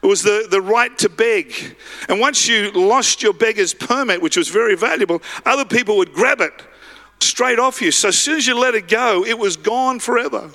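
Aussie pastor guy giving a sermon, bright sharp voice, keeps asking the room questions. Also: sits high, normal speed. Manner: animated, calls to the congregation.

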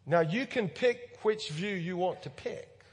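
A pastor preaching a sermon in a church, earnest and pleading, his voice swelling loud and then falling soft. He has a husky, slightly high voice. Long reverb from the church hall carries it, with faint music behind. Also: lively intonation, unhurried. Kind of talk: sermon with altar call. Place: church sanctuary.

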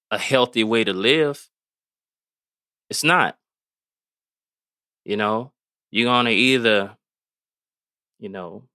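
A man speaking slowly and with weight, as if each line needs to land. His voice is bright and smooth, recorded close and dry, in the tone of a host urging listeners to change their outlook. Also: medium pitch, no echo. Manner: earnest, slow and emphatic, plain-spoken. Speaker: podcast host. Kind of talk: motivational monologue.

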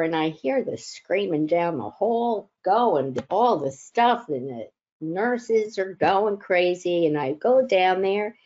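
Slow, mellow-voiced woman telling stories. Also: lowish voice, lo-fi sound. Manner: slow, gentle, reflective with filler pauses. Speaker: chaplain. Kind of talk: personal storytelling talk.

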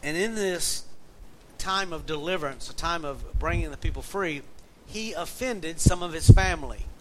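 Man, Southern accent, middle-aged pastor, folksy sermon, slightly high voice. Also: moderate pace, darkish tone, low-quality recording. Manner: folksy storytelling, reads scripture aloud. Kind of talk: conversational sermon. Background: faint air conditioner hum.

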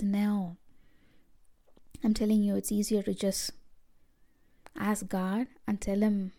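A woman's voice: medium pitch, fairly even intonation, a little slow, pauses often, warm tone. A woman hosting a devotional podcast, speaking in an earnest, personal and reflective way. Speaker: podcast host giving a devotional.

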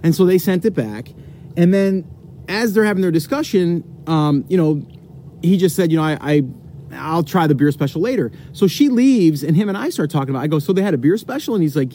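A man's voice: high voice, animated, fairly quick, dark tone, slight background noise. A man telling a long story to the camera, rambling with many fillers and restarts. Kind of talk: casual storytelling.

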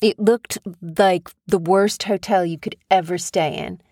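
A woman's voice: medium pitch, fairly even intonation, measured pace, darkish tone, no echo, studio quality. A mother casually telling her young son a family story, chatty and rambling, acting out quotes with animation. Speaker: mother and vlogger.

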